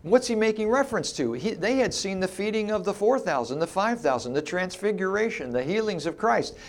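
A man's voice: sits high, lively intonation, brisk. A middle-aged man preaching an expository sermon, teaching emphatically and asking rhetorical questions of his listeners.

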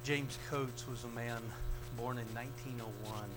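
A man preaching a sermon, swinging from loud, raised retellings of scripture to low, quiet asides, with an American accent. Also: fairly even intonation, moderate pace. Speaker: pastor. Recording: mains hum behind the voice.

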